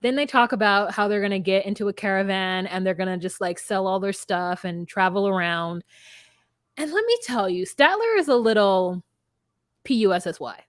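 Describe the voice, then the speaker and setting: A woman's voice: medium pitch, moderate pace, no room sound, studio quality. Blunt, profane woman recapping TV. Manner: blunt, profane, animated storytelling. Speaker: podcast co-host. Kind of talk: casual recap chat.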